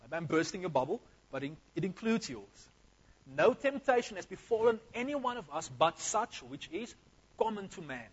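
Husky male preacher. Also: high-pitched, normal speed, muffled recording. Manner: energetic, conversational, addresses the congregation directly. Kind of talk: sermon.

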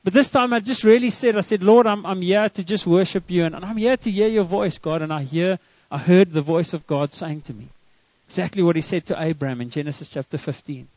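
A man's voice: high-pitched, fairly quick, darkish tone, dry recording, muffled recording. A man preaching a sermon to a church congregation, earnest and often repeating words as he starts a line. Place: church service.

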